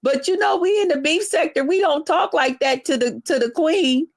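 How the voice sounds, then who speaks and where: A woman's voice: sits high, moderate pace, dry recording, clean studio sound, voice pushed up. A woman mimicking a prissy, preachy scold. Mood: mocking. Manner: mocking, sing-song.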